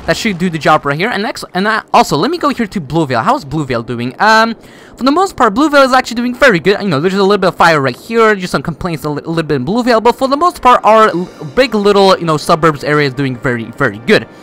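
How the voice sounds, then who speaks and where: A man's voice: high-pitched, very animated, fast, sharp tone. A man giving casual gameplay commentary, rambling with many fillers and restarts while he builds. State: voice cracks. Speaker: gaming YouTuber.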